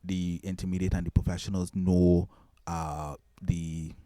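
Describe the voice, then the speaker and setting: A man's voice: sits low, level tone, measured pace, dark tone, dry recording, clean studio sound. A man hosting a casual mixing tutorial, rambling with restarts and filler words. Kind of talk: casual screen-recorded tutorial.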